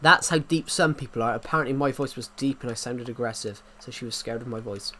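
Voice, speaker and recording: A man's voice: mid-range voice, quick pace, bright, forceful tone, a little hiss or hum. An English man chatting casually on a livestream, rambling with many restarts and fillers, his throat sore. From England. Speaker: livestream host.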